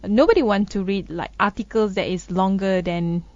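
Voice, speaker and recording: A woman's voice: medium pitch, normal speed, darkish tone, no room sound. A woman co-host, chatting casually about the news with frequent laughs and a sarcastic streak. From Malaysia. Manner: laughs often, sarcastic banter, thinking aloud with restarts. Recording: dull, dry studio sound.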